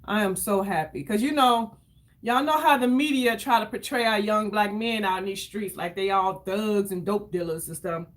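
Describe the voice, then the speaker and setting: An effusive woman in her fifties hosts a makeup livestream from home, talking casually as she works. Her voice sits at an ordinary middle pitch, and she keeps breaking off to greet viewers by name. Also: moderate pace. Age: 50s. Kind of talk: casual livestream chat while doing makeup.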